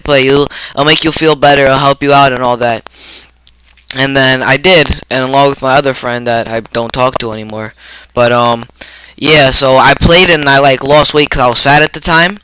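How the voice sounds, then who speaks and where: A teenage boy vlogging a personal story in a halting, rambling way, full of fillers and restarts. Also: mid-range voice, pushed and bright, clear, resonant tone, no echo, low-quality recording. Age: teens.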